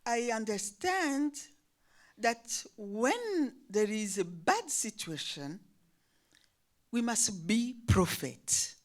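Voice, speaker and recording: An older woman from Burundi, telling her life story in halting English that restarts words and uses nonstandard phrasing. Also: on the high side, expressive. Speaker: guest speaker. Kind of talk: personal testimony.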